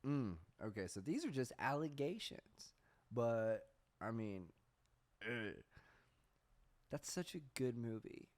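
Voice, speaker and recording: A man's voice: medium pitch, sing-song, slow, pauses often. A young man hosting a podcast, telling stories in a rambling casual way, swearing often and laughing at himself. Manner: reads search results aloud. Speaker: podcast host. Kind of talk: casual storytelling chat.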